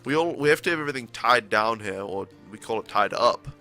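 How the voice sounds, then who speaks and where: A man from New Zealand with a New Zealand accent, chatting excitably and jokingly as he livestreams a game. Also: medium pitch, a little fast, gravelly, soft background music. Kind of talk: live gameplay commentary.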